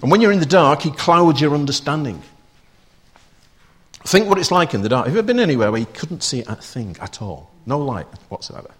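A man's voice: a little high, big pitch swings, brisk, a bit bright, husky. A man preaching a sermon, talking conversationally and putting rhetorical questions to his listeners.

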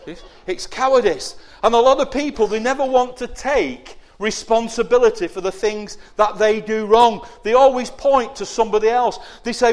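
A man giving a lively children's sermon, asking the young listeners questions and acting out whiny voices. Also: very high voice, normal speed, hardly any pauses. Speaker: preacher giving a children's talk.

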